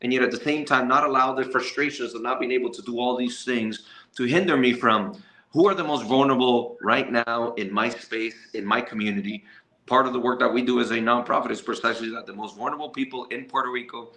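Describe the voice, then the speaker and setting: A man's voice: medium pitch, fast, bright, forceful tone, reverberant. A man leading a nonprofit, answering a panel question earnestly and reflectively. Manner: earnest, reflective, thinks aloud with restarts.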